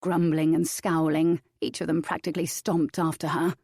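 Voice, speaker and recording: A woman narrating an audiobook in the first person, with steady, even storytelling. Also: sits low, normal speed, breathy edge, no room sound, studio quality.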